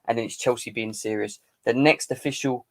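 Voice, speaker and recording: Man, live-stream host, boisterous banter, teasing, average pitch. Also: steady tone, a little fast. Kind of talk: casual live-stream football chat.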